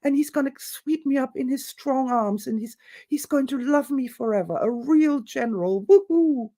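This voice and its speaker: A woman's voice: high-pitched, moderate pace, mellow, pitched above the performer's own voice. A woman acting out a smitten middle-aged lady who gushes breathlessly about falling in love. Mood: giddy. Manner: breathless, gushing, squealing.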